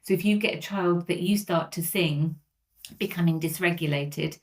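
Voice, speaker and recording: Low-pitched woman, therapist type, talking through examples on a podcast, earnest. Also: moderate pace. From England. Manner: earnest, explains with examples and quoted scenarios. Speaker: speech and language therapist guest. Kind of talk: explanatory podcast conversation.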